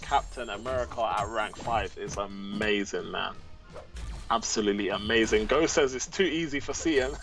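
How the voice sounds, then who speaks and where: A man's voice: on the low side, normal speed, a bit bright, faint music behind. A man co-commentating a game livestream in an easygoing way, reading viewers' chat aloud and bantering. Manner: easygoing, reads chat aloud, laughs often. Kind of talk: laid-back livestream banter.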